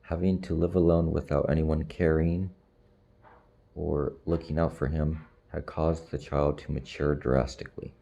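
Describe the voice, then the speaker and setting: A man reading a storybook aloud in slow, measured audiobook narration. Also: very deep voice, level tone, vocal fry, dark tone, highs cut off.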